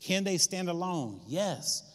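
A male pastor preaching, his voice sitting a bit high for a man. He tells the scripture story in a lively, conversational way, often calling out to the room. His voice rings with a long hall reverb. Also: slow pace. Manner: animated storytelling, acts out voices in the scripture, frequent "man" and "all right?". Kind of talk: sermon.

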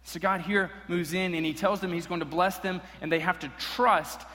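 Bright-voiced preacher in a reverberant hall. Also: male voice, sits high, fairly even intonation, normal speed. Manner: earnest preaching with emphatic repetition. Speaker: pastor. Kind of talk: sermon.

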